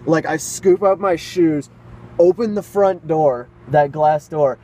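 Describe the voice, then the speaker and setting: A man's voice: on the high side, takes it slowly, dark tone, slight background noise, low-quality recording. A teenage man co-hosting a podcast, telling a story in a run-on, casual way, with swearing. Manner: breathless run-on narration, profane. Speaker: podcast co-host.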